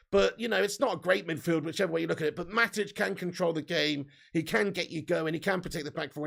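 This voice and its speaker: A man's voice: sits high, vocal fry. A man hosting a live football watch-along, bantering and reading out viewers' chat names and score predictions. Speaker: fan channel host.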